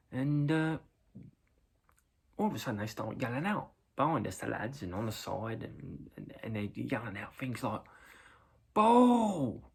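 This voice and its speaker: Man, English accent, middle-aged, casual rambling anecdote, gravelly, husky. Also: medium pitch. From England. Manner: rambling anecdote with many fillers, jumping into loud acted quotes. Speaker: vlogger reacting to a video. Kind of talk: casual storytelling.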